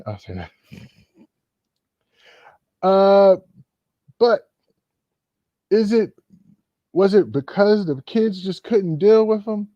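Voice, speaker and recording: A man's voice: sits high, lively intonation, slow pace, pauses often, no echo. Rambling casual male host. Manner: rambling, full of "you know" fillers. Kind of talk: casual commentary. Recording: dull, lo-fi.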